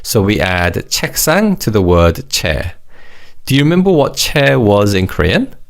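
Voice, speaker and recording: Male language teacher, low gravelly voice with a lively up-and-down delivery, measured drill pacing, brief praise. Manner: slow English explanations and repeated target words; upbeat praise after each drill. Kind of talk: scripted vocabulary lesson.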